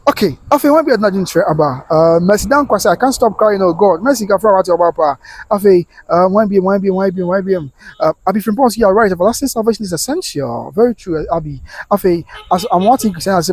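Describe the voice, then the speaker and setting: A man's voice: sits high, darkish tone. Ghanaian man hosting a somber livestream. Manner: reads out comments, mixes Twi and English, consoling. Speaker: livestream host reading viewer comments. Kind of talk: live-stream commentary.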